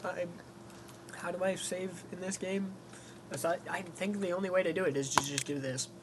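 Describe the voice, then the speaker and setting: A man co-hosting a game stream, relaxed and thinking aloud as he plays. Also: high-pitched, normal speed, heavy background noise. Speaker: co-host. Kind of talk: casual gameplay stream chat.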